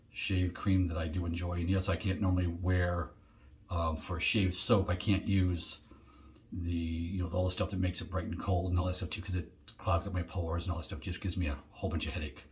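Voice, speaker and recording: A middle-aged man with a very low, deep voice talks through an unboxing in a relaxed vlog. He rambles and thinks aloud, often pausing on an um before carrying on. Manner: rambling, chatty, thinks aloud with many ums. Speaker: shaving vlogger.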